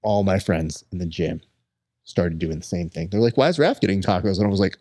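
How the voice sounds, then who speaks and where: A young adult man hosting a podcast, chatting casually and telling lively stories, acting out the people he quotes. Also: low voice, a little fast. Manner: animated storyteller who acts out quoted people. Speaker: podcast host. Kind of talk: casual chat.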